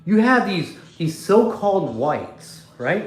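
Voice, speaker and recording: A man with a somewhat high voice rants bluntly into a phone on a casual livestream. He swears freely, restarts his sentences and wanders off track. The phone picks up a lot of echo from the room. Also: animated, normal speed. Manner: blunt, profane, rambling with restarts. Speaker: livestream host.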